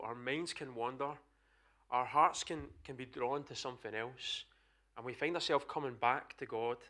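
A man's voice: medium pitch, pushed and bright. A man with a Scottish accent preaching an earnest, emphatic sermon to a church congregation. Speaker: pastor.

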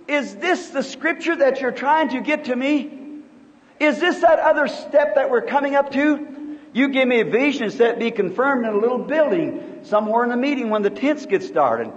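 A very high-pitched man in his fifties preaches with earnest, halting storytelling that often restarts its sentences. The sound is a dull old sermon tape, and the voice carries a long reverb from the hall. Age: 50s.

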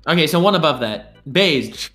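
A man's voice: fairly high pitch, lively intonation, moderate pace, roomy sound. A young man as a guest on a casual stream, teasing, jokey and blunt. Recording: game music in the background.

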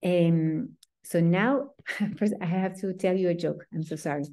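A woman with a French accent teaching an informal online class over a video call, chatty and animated, often breaking into laughs. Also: fairly low pitch, a little slow. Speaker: teacher of a weekly Torah class.

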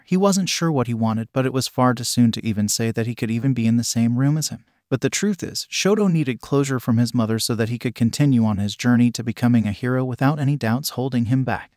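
A man narrating a fan story in an even, flat reading style. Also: mid-range voice, no echo, clean studio sound.

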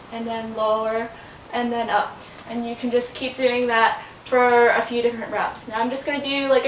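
A woman filming a casual home workout in her bedroom, chatting and talking to her baby as she exercises, getting out of breath. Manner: chatty, talks to her baby in a sing-song voice. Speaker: vlogger. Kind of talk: casual home fitness demonstration. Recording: roomy, from a distance with faint rumble.

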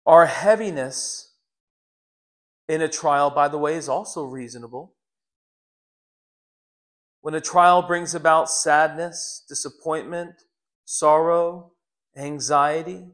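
A middle-aged man with a high, slightly bright voice preaches a sermon, telling stories earnestly and restarting his sentences again and again.

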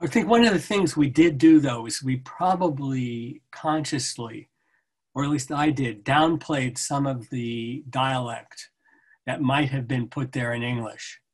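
A man, a translator, reading poetry aloud and talking about his translation in a measured, halting way. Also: medium pitch, slightly rough. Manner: measured, halting, self-correcting. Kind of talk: poetry reading and book talk.

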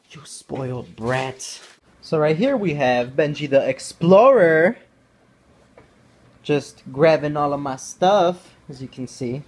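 A man's voice: on the high side, expressive, slow, a little mellow. A young man in a casual vlog, playful and teasing, with a voice that swings up and down a lot. He baby-talks to his puppy and drops Spanish phrases into his chat. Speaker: vlogger.

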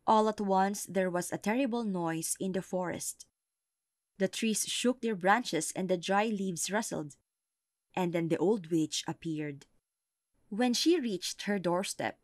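Woman, audiobook narrator, storybook reading, slow, dry recording. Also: fairly low pitch, no room sound.

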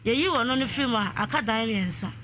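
Speaking very fast in a fairly high, somewhat bright voice, this woman phones a radio program over slight background noise. Her call is a lengthy story about a family quarrel, full of quoted remarks from others.

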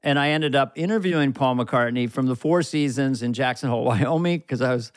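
A man guest on a podcast, an animated storyteller who slips into voices during casual chat. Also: medium pitch, a little fast, no room sound. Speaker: guest comedian.

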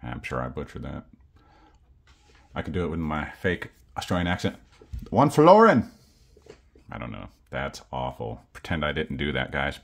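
Laid-back deep-voiced man. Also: moderate pace, vocal fry, a bit bright. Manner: easygoing, chatty, self-deprecating. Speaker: coin collecting channel host. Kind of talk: casual unboxing vlog.

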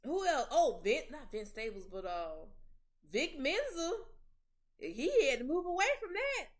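A young woman hosting a casual commentary chat, outspoken and animated, often stammering and restarting with plenty of slang. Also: high voice, a little slow. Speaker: podcast host.

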